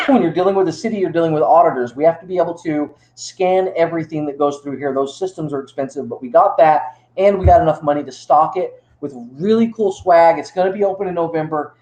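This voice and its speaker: A man's voice: fairly high pitch, quick pace, few pauses, a little mellow. Enthusiastic Texan man in echoey room. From Texas. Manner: enthusiastic, rambling storyteller. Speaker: YouTuber and museum worker. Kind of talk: casual chat to viewers. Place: dated gift shop indoors.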